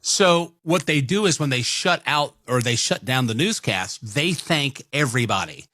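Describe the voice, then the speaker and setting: A man co-hosts a morning radio show and wanders conversationally through his points. His voice has a bright, forward edge. It is heard dry and close at a studio mic. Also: mid-range voice, expressive, moderate pace, no room sound. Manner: rambling, conversational. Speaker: radio co-host. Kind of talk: casual morning radio chat. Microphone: studio microphone.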